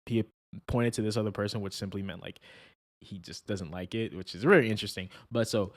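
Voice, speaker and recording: A young man co-hosting a podcast, talking in an animated, chatty way with many fillers. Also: fairly low pitch, fairly quick. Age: young adult. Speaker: podcast co-host. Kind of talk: casual chat.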